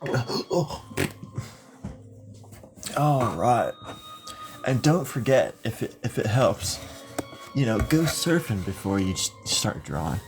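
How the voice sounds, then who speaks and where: A man's voice: lowish voice, sing-song, a little slow, music in the background. Playful rambling man streaming live. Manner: rambling, playful, jokey, laughs often. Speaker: live-streaming drawing host. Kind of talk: casual live-stream chat while drawing.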